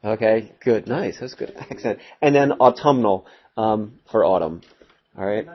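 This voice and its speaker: A male math teacher giving a casual classroom lecture, rambling a little with fillers and quick asides to his students. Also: lowish voice, lively intonation. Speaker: high school math teacher. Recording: dull lo-fi classroom recording.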